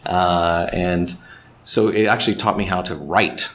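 Low-voiced Texan voice actor, relaxed, self-deprecating interview talk. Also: male voice, unhurried. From Texas. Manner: self-deprecating, slips into voice impressions. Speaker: voice actor and director.

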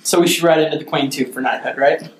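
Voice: medium pitch, fairly even intonation, fast. Teasing interviewer asking questions, echoey room, noisy background. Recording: echoey room with clear noise.

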